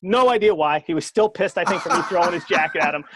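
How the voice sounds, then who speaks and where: A man with a Boston accent, a former basketball coach, talking as a guest in a casual podcast chat, animated and laughing often, stumbling over repeated words. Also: high voice, fast, background noise. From Boston area.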